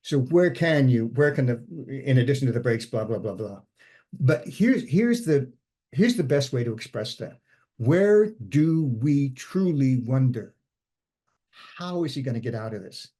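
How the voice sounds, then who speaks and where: A man's voice: medium pitch, big pitch swings, a little slow, dark tone. A man giving an informal screenwriting workshop talk, conversational and thinking aloud as he goes. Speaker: screenwriting instructor.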